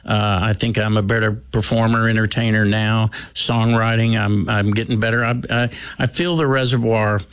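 A man, a singer appearing as a guest, chatting in an interview with dry, self-mocking humor and many halting restarts. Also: fairly low pitch, level tone, a bit bright, clear, resonant tone, no room sound. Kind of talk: casual interview chat.

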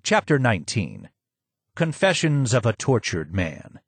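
Man reading a measured audiobook narration. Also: medium pitch, huge pitch swings, breathy edge, no room sound. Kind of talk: scripted narration.

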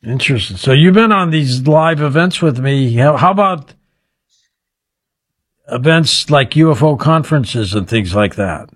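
A man's voice: mid-range voice, lively intonation, measured pace, a bit bright, breathy edge, dry recording, clean studio sound. A man hosting a radio talk show, teasingly quizzing a mystery guest. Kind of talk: playful radio interview.

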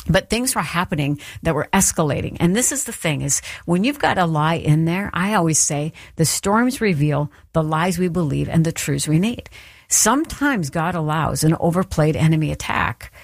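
A woman's voice: fairly low pitch, lively intonation, normal speed, dry recording, clean studio sound. A woman telling a personal story and then giving an earnest, encouraging devotional talk. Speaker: Christian speaker. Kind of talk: devotional teaching.

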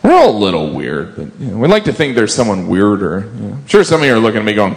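A man performing a stand-up comedy routine on stage, talking deadpan and jumping into high, silly character voices. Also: racing, vocal fry, hardly any pauses, a little hiss or hum. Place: comedy stage before a live audience.

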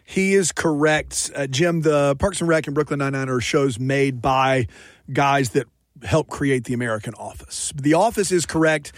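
A man's voice: medium pitch, moderate pace. A man hosting a trivia game, reading questions and adding chatty, upbeat asides. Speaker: quiz host.

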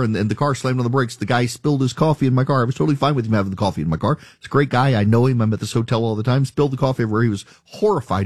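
A man's voice: mid-range voice, a little mellow, dry recording. A man hosting a talk radio show, delivering an emphatic, argumentative monologue in the studio. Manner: emphatic, argumentative, mocking callers' objections.

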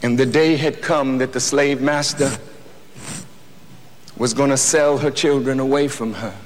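A man giving an impassioned speech to an audience, preaching with slow, deliberate emphasis and rising to shouts. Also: mid-range voice, fairly even intonation. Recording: echoey hall with faint noise.

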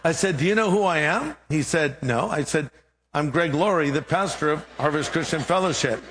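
A man's voice: on the high side, moderate pace, long reverb tail, background noise. A middle-aged man, a pastor, preaching a sermon and telling a humorous story with acted-out dialogue.

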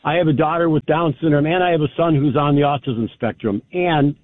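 A man's voice: on the high side, brisk. A middle-aged man calling in to a radio show, speaking in a heartfelt, grateful way. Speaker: caller. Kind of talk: call-in talk radio. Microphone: telephone. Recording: tinny phone line.

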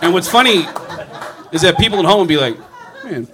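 A male comedian telling a story in an animated way, laughing through his words and swearing freely. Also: high voice, fast talker, a loud crowd, very noisy.

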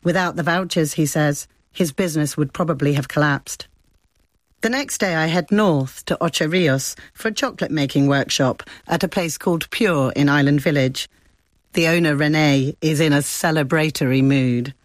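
A woman correspondent reading a scripted radio report in a measured, descriptive way. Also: low-pitched, dry recording. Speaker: foreign correspondent.

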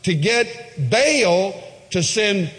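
A man's voice: high voice, sing-song, extremely slow, fairly bright tone, in a large hall. Emphatic man preaching a sermon. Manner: emphatic storytelling, retelling a story with asides.

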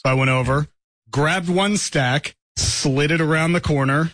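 Higher-voiced radio guy, deadpan, listing what he did step by step, dry mic. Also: measured pace, no room sound. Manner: matter-of-fact, deadpan step-by-step telling. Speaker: radio show regular. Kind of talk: casual studio banter. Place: radio studio.

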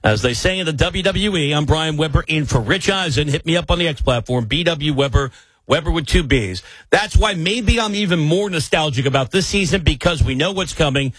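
A man's voice: fairly high pitch, expressive, a little fast, fairly bright tone, husky, dry recording, rough recording. A man filling in as a sports talk host, delivering an opinionated monologue with emphatic rants and rhetorical questions. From New York area.

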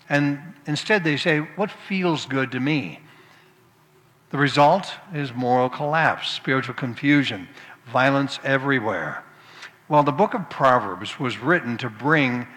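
Male preacher, folksy storyteller, bright forceful tone, reverberant room. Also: mid-range voice. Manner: folksy storytelling, tells jokes then turns to scripture. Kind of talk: sermon with jokes.

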